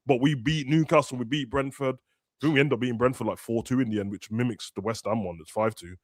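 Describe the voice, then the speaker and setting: A man's voice: mid-range voice, quick pace, no echo. A young man, chatting casually and ranting animatedly as a football podcast host. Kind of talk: casual chat.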